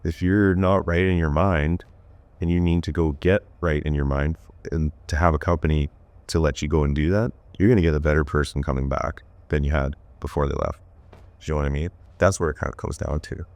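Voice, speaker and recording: Very deep-voiced easygoing man. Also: steady tone, a little fast, a little mellow, no echo. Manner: easygoing, talks in long loose runs. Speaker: plumber and fly fishing guide. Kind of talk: casual podcast conversation.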